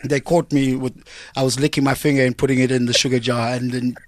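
Deadpan South African man, dry studio sound. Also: mid-range voice, fast talker, no echo. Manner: deadpan comic storytelling. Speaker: comedian guest. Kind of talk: joking radio interview chat. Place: radio studio. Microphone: studio microphone.

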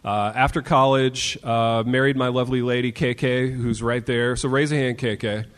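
A man's voice: medium pitch, fairly even intonation, moderate pace, clear, resonant tone. A man hosts a live podcast show in a hall, and his voice rings with a long reverb. He is playful and teasing, calling his co-hosts baby. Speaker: host.

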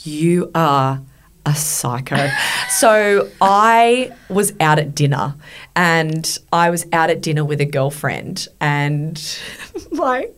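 A middle-aged woman hosts a casual chat, her voice sitting on the lower side. She tells stories in a lively, animated way, swearing freely and laughing often. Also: slow pace. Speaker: podcast host.

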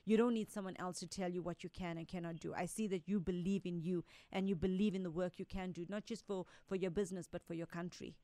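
A woman's voice: lowish voice, fairly even intonation, quick pace, hardly any pauses, warm tone, no echo. Brief: woman, radio psychic, direct and soothing, dry close studio sound. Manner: direct, reassuring, relays messages as quotes. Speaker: resident psychic medium. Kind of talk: radio call-in psychic readings.

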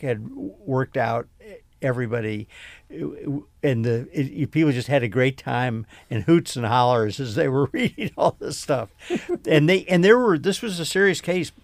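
A male film critic with a gravelly voice talks through a movie. He rambles and restarts as he thinks. The studio sound is dry and close. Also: mid-range voice, dry recording. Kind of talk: radio film review chat.

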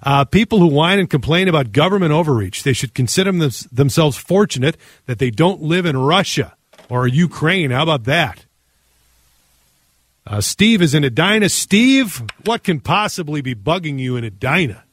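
A man's voice: fairly high pitch, expressive, moderate pace, slightly rough, no room sound. Minnesota guy hosting call-in radio, chill and jokey, dry studio mic. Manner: casual, joking, reads texts aloud. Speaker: radio host. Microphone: studio microphone.

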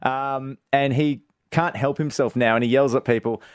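A man's voice: mid-range voice, fairly even intonation, normal speed, smooth, no room sound, clean studio sound. A man co-hosting a radio show, reading out listener messages between laughs. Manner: chuckling, reads messages aloud. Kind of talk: casual banter.

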